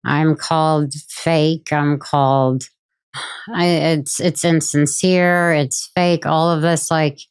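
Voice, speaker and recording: A woman in her thirties, a podcast guest, talking candidly and haltingly. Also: low-pitched, fairly even intonation, clear, resonant tone, no room sound. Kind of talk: casual podcast conversation.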